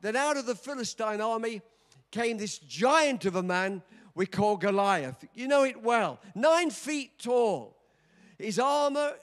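A man in his seventies with a very high voice preaches a sermon, telling a story that swings dramatically from quiet to shouting. The recording carries the long reverb of a large hall.

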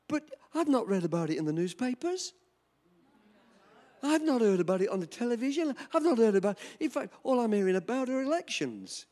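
A man in his seventies preaching a sermon, telling a personal story in an animated, chuckling way. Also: very high-pitched, a little fast. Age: 70s. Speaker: pastor.

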